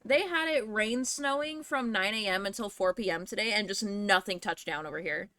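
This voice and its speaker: A woman's voice: mid-range voice, moderate pace, sharp tone, dry recording, clean studio sound. A young woman hosting a livestream at home, chatting and ranting casually with frequent swearing, a little out of breath. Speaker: livestream host. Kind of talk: casual chat to viewers.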